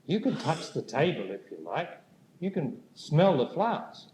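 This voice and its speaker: A man speaking as a spiritual teacher before a live audience, his voice climbing and falling widely as he talks. He takes his time, pausing and asking the room questions. The sound is roomy, with a faint hum behind him. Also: on the high side, sing-song, a little mellow. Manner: slow, deliberate, questioning the audience. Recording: echoey room with faint noise.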